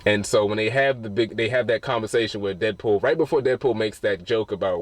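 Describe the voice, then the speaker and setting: A man's voice: on the low side, brisk, no echo. A man giving a casual, rambling spoiler review of a film, retelling scenes with plenty of swearing.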